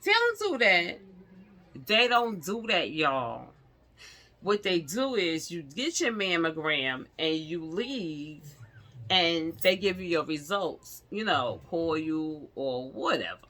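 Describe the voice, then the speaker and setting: A middle-aged woman telling a personal story to camera, animated and talking straight to her viewers, acting out the other people's lines. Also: low voice, slow pace. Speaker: vlogger.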